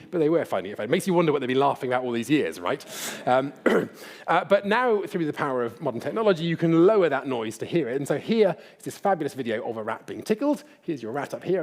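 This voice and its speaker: Man, middle-aged, public lecture, lively animated pitch, conversational, talks to the audience, lecture hall.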